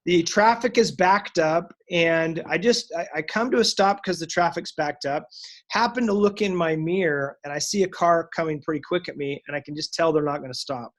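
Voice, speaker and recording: Speaking at a normal speed in a slightly high voice, the man runs a salon. He's a guest on a casual recorded call, telling upbeat, motivational stories.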